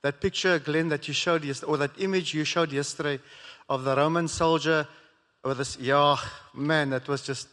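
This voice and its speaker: A man speaking as a guest in a live stage conversation, earnest and halting, with many restarts. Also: a little high, fairly even intonation, a bit bright. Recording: echoey hall.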